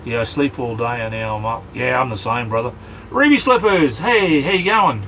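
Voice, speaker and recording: A man's voice: mid-range voice, animated, moderate pace, sharp tone, a little hiss or hum, poor audio. Easygoing Australian man chatting on a livestream. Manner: easygoing, rambling, greets chatters by name. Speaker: livestream host. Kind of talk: casual livestream chat. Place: inside a small truck camper.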